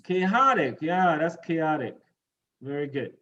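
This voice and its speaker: A man leads a pronunciation class, speaking slowly and deliberately in a voice a bit higher than most men's. He repeats each word and quizzes his students on where the stress falls. The recording sounds dull and lo-fi. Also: animated. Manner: patient, drills words by repeating them and quizzing the class. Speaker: English pronunciation teacher.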